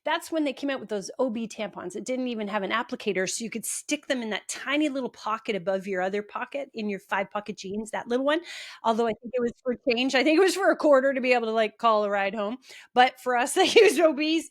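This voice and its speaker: A woman's voice: on the high side, animated, quick pace. A woman in her forties co-hosting a podcast, chatting casually with teasing quips. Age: 40s. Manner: playful, teasing quips with laughs. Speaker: podcast co-host. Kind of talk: casual chat.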